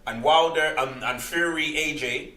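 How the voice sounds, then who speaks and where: A man's voice: on the high side, normal speed, sharp tone. A man hosting a casual chat, eagerly agreeing and chiming in. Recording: echoey room.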